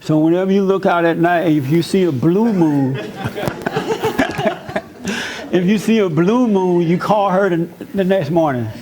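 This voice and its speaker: Kinda high-voiced guy pastor, blunt and jokey, laughing while he lectures. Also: unhurried, long pauses, mellow. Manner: blunt, joking, laughs often. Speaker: pastor hosting a church talk. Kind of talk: casual church counseling chat.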